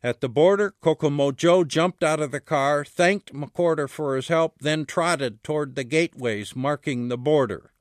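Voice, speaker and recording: An author reads a chapter of his own book aloud at a measured pace, his voice dropping low on the dialogue tags. The recording is studio quality with no echo.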